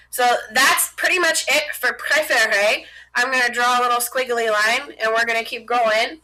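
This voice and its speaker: Bright-voiced woman teaching at a board. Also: fairly high pitch, poor audio. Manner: talks while writing on a board, chatty and informal. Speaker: French teacher. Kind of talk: casual classroom explanation.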